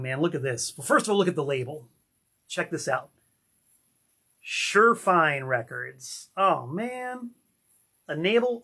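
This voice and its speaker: A middle-aged man who runs a record label, showing off records he found with excited exclamations and sung snippets. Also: a little high. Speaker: record label owner and vlogger. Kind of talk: enthusiastic record collection show-and-tell.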